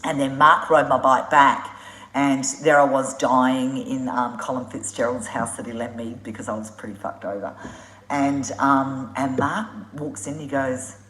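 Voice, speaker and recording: A woman telling road-trip stories on a live stream, animated and blunt, swearing freely and laughing often. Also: rumbling low, unhurried, echoey room, a little hiss or hum, low-quality recording. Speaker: motorbike traveller hosting a live Q&A. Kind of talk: casual live-stream storytelling.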